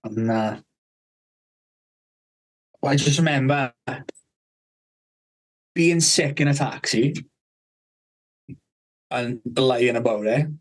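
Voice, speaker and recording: A man's voice: medium pitch, takes it slowly, long pauses, low-quality recording. Man, casual podcast storytelling, rambling, constant swearing, acts out the people he quotes.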